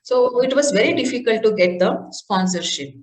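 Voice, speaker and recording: A woman with an Indian English accent, a mountaineer guest in a podcast interview, explaining things step by step with frequent "uh" pauses. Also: fairly high pitch, crowd noise. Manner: explains step by step with many "uh" fillers. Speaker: guest, mountaineer and marathon runner. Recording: roomy echo.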